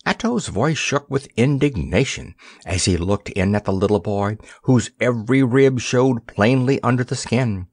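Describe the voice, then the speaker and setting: A man reading a children's fantasy audiobook aloud in an expressive storytelling manner. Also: lowish voice, moderate pace, few pauses, slightly rough, no room sound, studio quality. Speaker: narrator. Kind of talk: audiobook narration.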